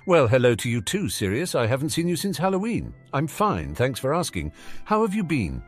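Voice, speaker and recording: A man's voice: mid-range voice, sing-song, normal speed, faint music behind, voice pushed up, close to an everyday voice. A man voicing a sarcastic, cheeky teenage boy wizard in a storybook reading, teasing and mock-dramatic. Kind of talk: audiobook character reading.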